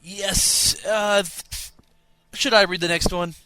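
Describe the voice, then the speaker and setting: Bright, slightly high male voice; playful young podcast co-host, dry close mic. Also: steady tone, slow, clean tone, dry recording. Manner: playful, reads listener emails with mock drama. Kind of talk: casual comedic chat.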